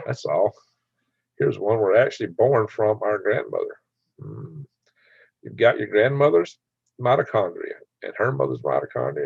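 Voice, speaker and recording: A man's voice: mid-range voice, gravelly, slightly rough, dry recording, muffled recording. An older man hosting a casual livestream, rambling and laughing as he answers viewers' comments by name. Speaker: channel host reading live chat.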